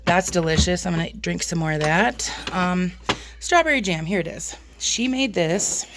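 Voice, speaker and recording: A woman's voice: moderate pace, background noise. A woman chatting casually in her home kitchen as a homestead vlogger, talking while she works and joking about herself. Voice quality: squeaky. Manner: chatty, self-deprecating, talks while working.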